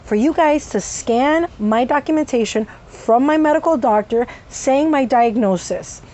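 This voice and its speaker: Woman vlogger, high voice, profane animated storytelling with sudden tic outbursts. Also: measured pace. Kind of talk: casual story time.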